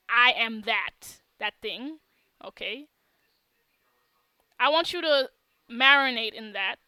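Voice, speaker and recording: A woman teaching the law of attraction in an emphatic talk to camera, often pausing to check in with "okay?". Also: sits high, pushed and bright, smooth, no room sound.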